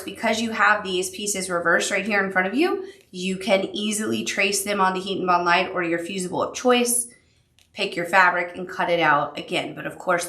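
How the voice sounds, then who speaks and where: A woman's voice: medium pitch, a bit bright, reverberant. A woman teaching a sewing machine appliqué tutorial, upbeat and encouraging as she talks the viewer through each step. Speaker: quilting instructor.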